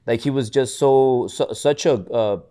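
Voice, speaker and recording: Man, podcast co-host, casual motivational chat, repeats words, mid pitch. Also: unhurried. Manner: repetitive restarts, animated storytelling.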